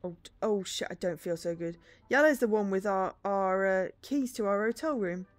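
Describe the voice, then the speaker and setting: A woman voicing a drunk man in a pink superhero suit, loud and giddy, as she reads a story game aloud. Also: mid-range voice, normal speed, close to an everyday voice. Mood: drunk pleading.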